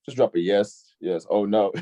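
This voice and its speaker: A young man hosting a casual online youth discussion, laid-back and filler-heavy, often agreeing with a quick "facts.". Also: fairly low pitch, mellow. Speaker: youth group discussion host.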